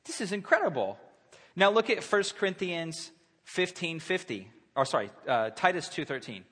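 A man in his thirties preaching a sermon in a church, conversational and animated, acting out quotes. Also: sits high, normal speed, slightly rough. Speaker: pastor. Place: church sanctuary. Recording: long hall reverb.

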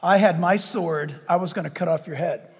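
A man's voice: fairly high pitch, moderate pace, darkish tone, long reverb tail, slight background noise, voice pushed down, lightly acted. A man doing a stern warning angel.

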